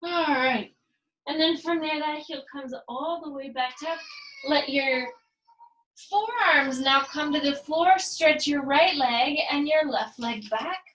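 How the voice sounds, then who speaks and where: High-voiced woman calmly cueing a workout. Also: slow, reverberant, rough recording. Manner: calm cueing, counts down reps, slips in Spanish phrases. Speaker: yoga and fitness instructor. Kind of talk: guided workout instruction with counting.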